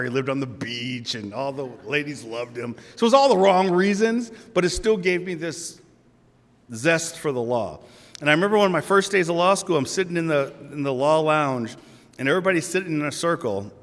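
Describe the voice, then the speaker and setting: A man in his forties giving an emotional, conversational award acceptance speech, telling stories at a podium microphone. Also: medium pitch. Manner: emotional, storytelling, conversational with laughs. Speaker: award recipient. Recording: long hall reverb.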